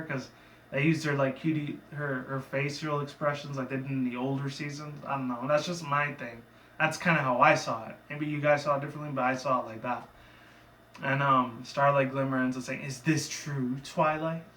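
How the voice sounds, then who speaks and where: A man's voice: medium pitch, steady tone, brisk, pushed and bright, recorded from a distance, a little hiss or hum. A man casually recapping a cartoon episode in a rambling, loose way, with profane asides. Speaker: reviewer. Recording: echoey room, away from the mic.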